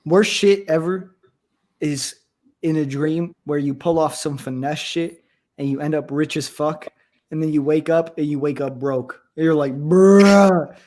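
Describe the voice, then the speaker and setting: A young man in casual chat, animated and profane, often laughing. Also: a little high, normal speed.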